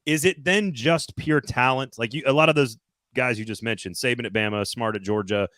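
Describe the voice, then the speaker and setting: A man hosts a sports podcast, his mid-pitched voice sounding dry and close. He asks long, rambling questions in an easy, casual tone. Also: a little fast, fairly bright tone, dry recording. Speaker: podcast host.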